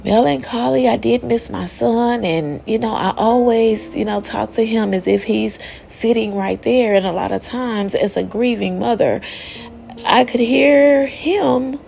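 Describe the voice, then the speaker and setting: A woman's voice: a little high, measured pace, gravelly, dark tone, slight background noise. A woman telling a personal spiritual story in a casual, candid and profane way.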